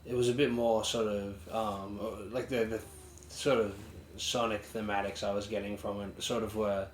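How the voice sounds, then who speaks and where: A man's voice: fairly low pitch, level tone, normal speed. A man co-hosting a casual music review chat, rambling with many fillers and restarts. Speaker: podcast co-host. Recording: roomy sound with faint ambient noise.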